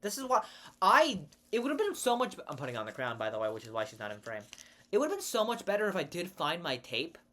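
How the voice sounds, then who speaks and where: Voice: mid-range voice, wildly swooping pitch, fast talker, bright, forceful tone. A young adult vlogger rambling goofily to camera, often cutting off and restarting. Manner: rambling, goofy, self-interrupting. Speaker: vlogger, channel host. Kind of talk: casual rambling chat to camera.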